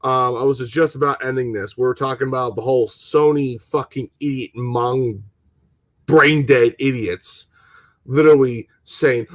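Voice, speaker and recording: A man's voice: mid-range voice, measured pace, no echo. A man hosting a gaming channel, ranting heatedly on a casual live stream, swearing and stumbling over restarts while answering viewers' comments. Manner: talks to viewers and reads chat comments.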